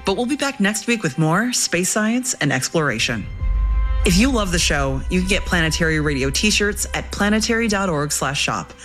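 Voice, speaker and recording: A woman's voice: lowish voice, lively intonation, normal speed, fairly bright tone, faint music behind. Enthusiastic woman podcast host. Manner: enthusiastic, laughs often. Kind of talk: casual podcast chat and read outro.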